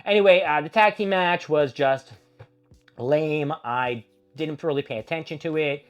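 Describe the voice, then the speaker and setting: A man's voice: on the high side, measured pace, smooth, muffled recording, faint music behind. A man hosting a casual wrestling recap, rambling and opinionated with plenty of swearing. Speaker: host.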